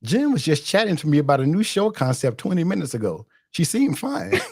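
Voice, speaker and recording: A man's voice: fairly high pitch, sing-song, fairly quick, darkish tone, breathy edge, no echo, clean studio sound. A man co-hosting a podcast, casually teasing and scolding his co-host, often laughing as he talks. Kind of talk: casual chat.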